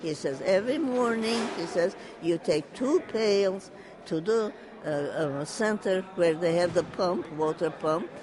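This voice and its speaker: A speaker retelling a family story for an oral history interview, in a halting, restarting manner. Lines are relayed one quote at a time, often repeated. A crowd murmurs clearly in the background. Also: mid-range voice, expressive, poor audio.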